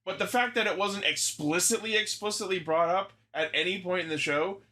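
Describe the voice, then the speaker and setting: A man co-hosting a casual fan podcast, laying out his points methodically and deliberately. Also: sits high, sharp tone. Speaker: podcast co-host.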